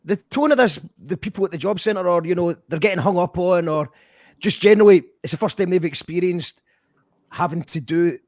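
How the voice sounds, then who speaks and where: A man's voice: sits high, fairly quick, darkish tone, no room sound, clean studio sound. A man hosting a casual live-stream chat, talking hesitantly with restarts. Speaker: radio show host.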